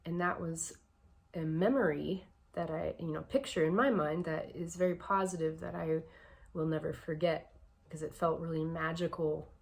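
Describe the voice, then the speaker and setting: A woman's voice: sits low, normal speed, creaky. A woman vlogger giving casual personal advice, reflective and a bit emotional, with a shaky voice and many fillers.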